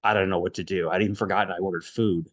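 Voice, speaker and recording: A man's voice: low voice, steady tone, dry recording, poor audio. A man telling a friend a personal story in a casual, rambling way, stopping and restarting as he searches for words. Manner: rambling and halting, with many restarts.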